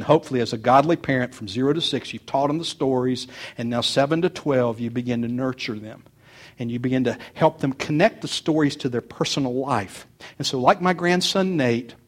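An older man preaching a sermon, telling family stories and repeating key phrases for emphasis. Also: medium pitch. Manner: storytelling, warm repetition for emphasis. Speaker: pastor.

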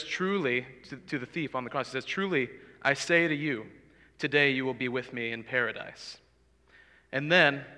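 A young man preaches to his congregation, earnest and conversational, now and then asking them questions. His voice is bright and forceful. It rings out with a long reverb through the church. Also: medium pitch. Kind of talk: sermon. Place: church sanctuary.

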